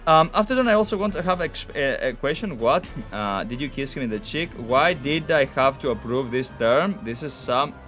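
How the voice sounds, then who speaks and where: A man streaming a game, telling a story in animated, profane casual chat. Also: mid-range voice, moderate pace, few pauses, faint music behind.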